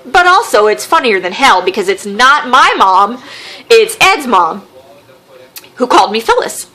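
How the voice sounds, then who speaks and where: A woman with a Southern American accent, a podcast host telling a funny story in a casual, wry, animated way. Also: a little high, a little slow. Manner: animated, wry storyteller who acts out quotes.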